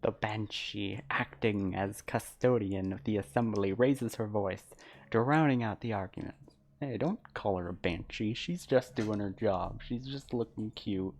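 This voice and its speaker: Woman streamer with a really low deep voice, reads the game out loud and cracks jokes. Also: measured pace. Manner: reads game text aloud and jokes about it, laughing often. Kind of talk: live game reaction stream.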